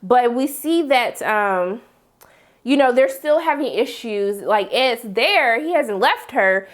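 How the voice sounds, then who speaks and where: A woman chatting casually as she recaps a TV episode, slangy and animated, acting out her own reactions. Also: a little high, takes it slowly. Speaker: TV review vlogger.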